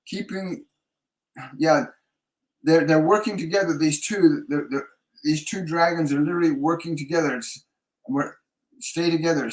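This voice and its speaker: A man's voice: on the high side, low-quality recording. A man working as a spiritual medium, answering viewer questions in a live Q&A. He searches for his words, with many restarts and fillers. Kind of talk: live Q&A readings.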